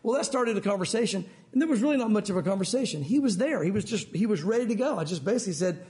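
In a high-pitched, racing voice, a man teaches the Bible conversationally to a men's group. His storytelling is lively and chatty, sprinkled with frequent "you know"s.

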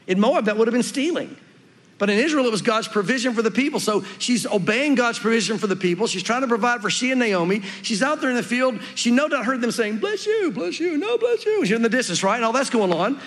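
A man's voice: extremely high pitch, fast, fairly bright tone. A man preaching a sermon as a pastor in a church, conversational and earnest, acting out the people in the story. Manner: conversational, earnest, acts out quotes. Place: church sanctuary. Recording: long reverb of a church hall.

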